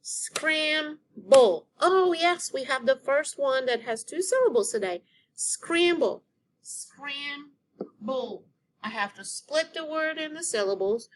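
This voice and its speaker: A woman teacher giving a recorded phonics lesson to children, sounding out words slowly and clearly. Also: high-pitched, expressive, a little hiss or hum.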